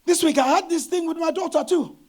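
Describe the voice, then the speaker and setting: A middle-aged man, a pastor, preaching a sermon with animated storytelling and bursts of shouting. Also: extremely high pitch, brisk.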